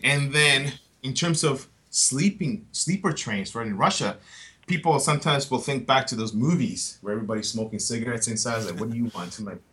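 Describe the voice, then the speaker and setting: An enthusiastic man in casual conversation, his voice bright and forward, mid-range in pitch. He talks fast and eagerly, piling up asides and checking in with his listeners. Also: lively intonation. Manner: enthusiastic, chatty, often adds "right?". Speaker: tour company guest. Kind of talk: casual podcast chat.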